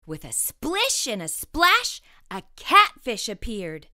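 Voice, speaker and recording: Lady reading a kids picture book out loud, slow, bright, bouncy voice. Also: fairly high pitch, dry recording, studio quality. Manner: slow, expressive rhyming narration. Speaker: storyteller. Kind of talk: children's storybook read-aloud.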